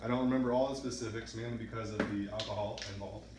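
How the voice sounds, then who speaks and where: A man's voice: fairly low pitch, steady tone, quick pace, roomy sound, very noisy. A man talking casually while throwing dice at home, rambling between throws and counting results aloud. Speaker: craps vlogger. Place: indoors at a home dice-practice setup.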